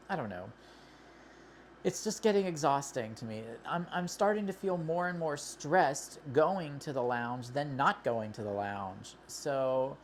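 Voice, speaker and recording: Low-voiced woman griping in a casual review vlog, rambling and fed up, faint noise behind her. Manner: exasperated, rambling complaints with many restarts. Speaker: credit card reviewer.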